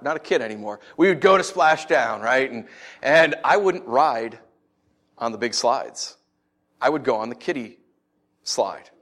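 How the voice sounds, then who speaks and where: A man preaching a sermon who tells stories with animated swings, then teaches in an earnest, conversational way. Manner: animated storytelling, lively swings in pitch and loudness. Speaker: pastor.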